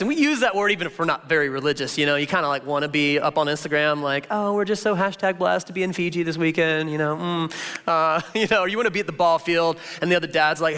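A man gives a loose, conversational sermon in a big reverberant hall. His voice sits high and bright, and he talks in an animated, chatty way, tossing in plenty of filler words. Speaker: pastor.

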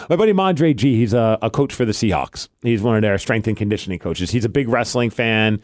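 A man's voice: on the low side, fairly quick, no echo, clean studio sound. A man co-hosting a podcast, telling a story in a casual chat and acting out what people said. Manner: animated storytelling, acts out quotes. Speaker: podcast co-host, drummer.

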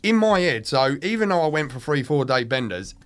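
A man's voice: a little high, big pitch swings, a little fast, fairly bright tone. A young British man telling a candid story in casual chat, swearing freely. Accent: British English. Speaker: podcast guest.

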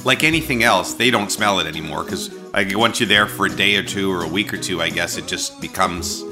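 A Canadian podcast host chats casually over a remote call, his low voice moving a little fast with music in the background. He tells rambling stories, restarting often.

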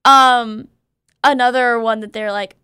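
A woman's voice: fairly high pitch, expressive, a little slow, fairly bright tone, smooth, dry recording, studio quality. A woman talking frankly and animatedly in a casual podcast chat, swearing freely.

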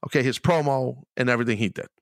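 Over soft background music, a middle-aged man hosts his own podcast, ranting angrily and rambling with lots of swearing. His voice is medium-pitched and fast, with vocal fry.

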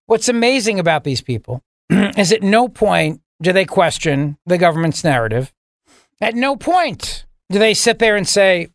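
A man hosting a talk radio show, delivering a sarcastic, mocking, animated monologue to his listeners. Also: high-pitched, dry recording, clean studio sound. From Italian heritage, US.

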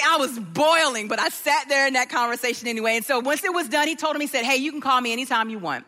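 A middle-aged woman delivers a sermon through a personal story, giving each person in it their own voice. Her tone is high and bright. The sound carries a long reverb from a large hall. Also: fast, hardly any pauses. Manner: animated storytelling, acting out voices. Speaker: preacher.

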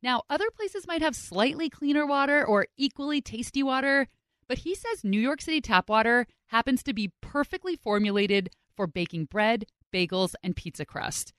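A woman hosts with chatty, expressive narration. Her pitch moves around a lot, and the recording is dry and close with no room sound. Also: normal speed, no room sound. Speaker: podcast host. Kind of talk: scripted narration.

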